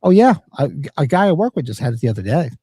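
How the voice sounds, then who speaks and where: A man's voice: fairly high pitch, sing-song, fast, mellow, slightly rough, dry recording. A man hosting a late-night watch-party livestream, chatting and rambling casually. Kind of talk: casual chat. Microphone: podcast mixer setup.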